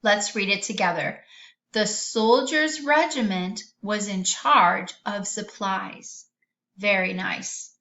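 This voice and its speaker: A woman teaching a vocabulary lesson to children in a gentle, sing-song way. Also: medium pitch, slow, reverberant, highs cut off.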